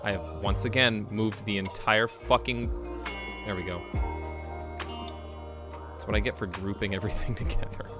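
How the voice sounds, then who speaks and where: A young adult man streaming a game, chatting playfully with his viewers and breaking into sudden loud shouts. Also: lowish voice, steady tone, normal speed, long pauses, over music. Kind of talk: casual live-stream chat.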